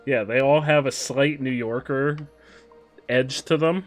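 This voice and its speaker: A man streaming a game, chatting casually with viewers, excitable and quick with asides. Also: mid-range voice, faint music behind. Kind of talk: casual gameplay chat with viewers.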